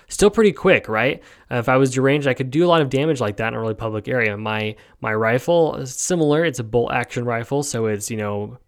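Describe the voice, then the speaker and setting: A man's voice: medium pitch, brisk, gravelly, few pauses. A man from New York hosting a solo podcast, talking casually with many ums and restarts while yawning and sleepy. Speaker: podcast host.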